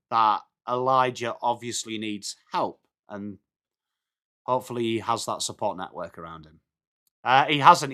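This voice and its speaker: This live stream host is an Englishman, a father-age adult from England, running a football watch-along where he narrates the match and talks to his audience. His pitch is medium and a bit bright. He keeps it chatty, moving between play-by-play and replies to comments.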